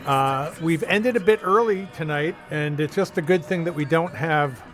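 A man's voice: fairly high pitch, normal speed, soft background music. A man hosting a radio show, easygoing and dry as he chats and wraps up. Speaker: radio host. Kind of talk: casual chat and host links.

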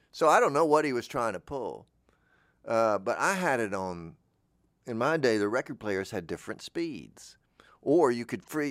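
A middle-aged man riffs through a meandering comic monologue, poking fun at himself as he goes. His pitch swings widely, often leaping up for quick silly voices. The sound is close and dry, with no room around it. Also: no room sound. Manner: meandering, self-mocking, breaks into silly voices. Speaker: comedy show host.

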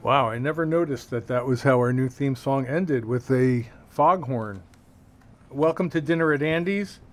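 A man's voice: mid-range voice, moderate pace, faint music behind. Playful male radio co-host. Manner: playful, goes along with jokes. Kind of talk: comedic radio banter. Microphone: studio microphone.

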